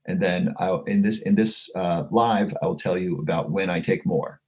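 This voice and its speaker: Deep-voiced man chatting on a livestream. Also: normal speed, background noise. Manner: chatty, repeats and restarts words often; reads viewer comments aloud and answers them. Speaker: livestream host selling a supplement. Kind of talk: casual livestream chat reading comments.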